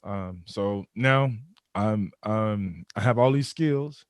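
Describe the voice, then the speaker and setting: Male interview guest, deep-ish voice, animated storyteller who stumbles and repeats words. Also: slow pace, clear, resonant tone, dry recording, clean studio sound. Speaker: podcast guest, former pro football player. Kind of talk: conversational storytelling.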